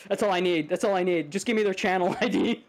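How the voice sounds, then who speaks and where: A man co-hosting a podcast, telling a story in casual chat, laughing, swearing and restarting his sentences. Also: sits high. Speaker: podcast co-host.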